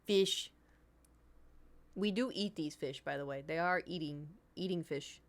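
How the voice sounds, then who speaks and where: A woman's voice: lowish voice, measured pace. A young adult woman streaming, chatting casually with her viewers, rambling and laughing often.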